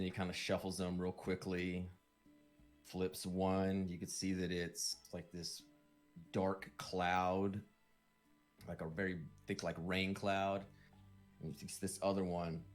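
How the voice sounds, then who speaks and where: A man narrating a tabletop game as game master, with loose, filler-heavy description. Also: deep voice.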